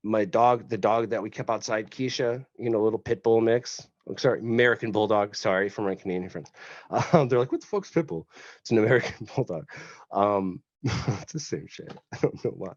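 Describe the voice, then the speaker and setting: A man's voice: on the low side, normal speed, no room sound. A man from West Tennessee, a podcast guest, telling a story in a rambling, joking way and swearing casually. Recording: dull lo-fi podcast audio.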